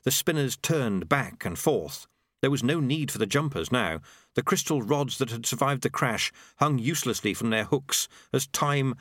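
A man reading a novel aloud in measured, expressive scripted narration. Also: mid-range voice, no echo, studio quality. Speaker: audiobook narrator.

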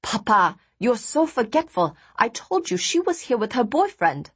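An excitable young daughter, quick to scold and quicker to gush, as a woman voices her. Her pitch leaps around, with a husky edge. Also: exaggerated voice. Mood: chiding. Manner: excited, chiding.

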